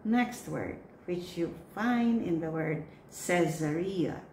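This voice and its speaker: A woman coaching church readers on pronunciation. She says each word slowly and clearly, then repeats it. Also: lowish voice, animated, darkish tone. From Philippines. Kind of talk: pronunciation drill, slow and repeated. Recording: echoey room with faint noise.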